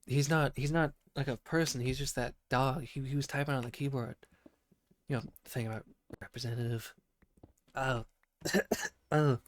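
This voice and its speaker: A man with a croaky voice from being sick, rambling through a profane casual monologue full of restarts, as a podcast host. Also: medium pitch, fairly even intonation, normal speed, pauses often. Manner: rambling, profane, self-interrupting.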